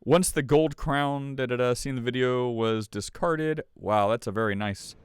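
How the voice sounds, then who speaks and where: A man's voice: medium pitch, unhurried, smooth, no echo, clean studio sound. A man hosting a podcast in casual chat, sarcastic and laughing often as he reads stories aloud. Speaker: podcast host.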